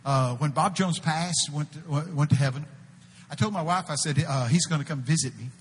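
A man preaching a sermon, telling folksy stories and breaking out to shout quoted prophecies before dropping to a hush. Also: fairly high pitch, moderate pace, big-room sound, a little hiss or hum. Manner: animated, folksy, shouts out quoted prophecies, swings between loud and hushed. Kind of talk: sermon with storytelling. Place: church.

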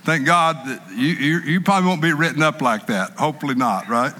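A man preaching a sermon in an animated way, acting out panicked people in a raised voice. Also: a little high, a little fast, big-room sound.

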